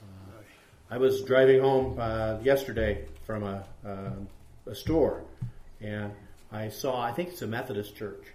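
A man's voice: lowish voice, measured pace, darkish tone. A man leading a conversational Bible study, rambling a little and asking the group questions. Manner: rambling, asks the group questions, many fillers. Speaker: Bible teacher. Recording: echoey room.

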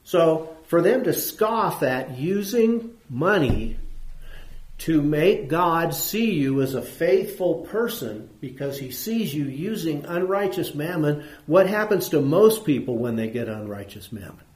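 Male preacher, talky Bible lesson, fond of questions and repetition, slightly raised pitch, roomy church acoustics. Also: animated, measured pace, a little mellow. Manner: asks the audience questions, repeats points for emphasis. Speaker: preacher teaching a Bible class. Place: church room with audience. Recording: echoey room.

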